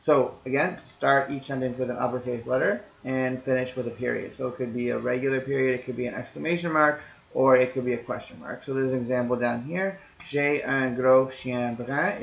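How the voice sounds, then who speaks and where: A man's voice: mid-range voice, steady tone, fairly quick, gravelly, echoey room, poor audio. A man teaching, explaining to parents in a recorded lesson in an easygoing, reassuring way, talking things through step by step.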